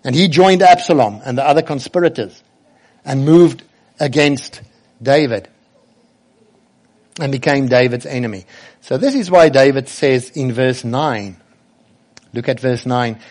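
A man's voice: medium pitch, unhurried, long pauses, darkish tone. A man preaching a sermon earnestly, often turning to ask the children direct questions.

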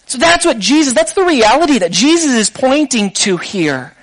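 High-voiced man preaching a sermon. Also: sing-song, moderate pace, a bit bright, dry recording, poor audio. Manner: conversational, asks the listeners rhetorical questions.

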